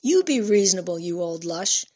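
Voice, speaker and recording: A woman reading an audiobook voices a defiant, foul-mouthed teenage girl who yells and sneers. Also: lowish voice, big pitch swings, moderate pace. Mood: furious. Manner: yelling, cursing, sarcastic.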